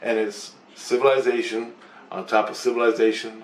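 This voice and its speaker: Man, ordinary pitch, loose profane storyteller; roomy recording with faint hum behind. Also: normal speed, distant mic. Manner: profane, rambling storyteller who acts out both sides of the talk. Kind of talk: rambling casual monologue. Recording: roomy echo.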